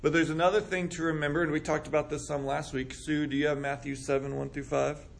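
A man's voice: on the high side, flat delivery, fast talker, creaky, a little hiss or hum. A man leading a group Bible study, talking conversationally and acting out what people might say. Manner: conversational, acts out quoted remarks. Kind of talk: casual Bible study teaching.

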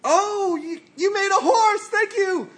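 A man's voice: slow, a bit bright, heavily acted. A man acting out a doting father who gushes over his child's drawing. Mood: gushing. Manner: gushing, high and effusive.

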